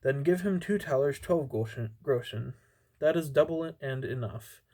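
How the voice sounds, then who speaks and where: A man's voice: medium pitch, animated, normal speed, mellow. A stubborn clever young lad, read by a man. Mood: assured. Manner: read plainly with stumbles and restarts. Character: stubborn clever young male woodcutter's son.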